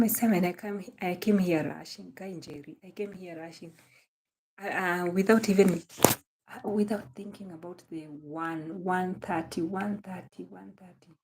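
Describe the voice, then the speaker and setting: Kenyan lady on a live stream, kinda low voice, greeting everyone by name over and over, slips into swahili. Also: fairly even intonation, normal speed, a little mellow, slight background noise. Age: young adult. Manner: greets viewers by name, repeats phrases; mixes Swahili into English. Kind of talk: casual live-stream chat.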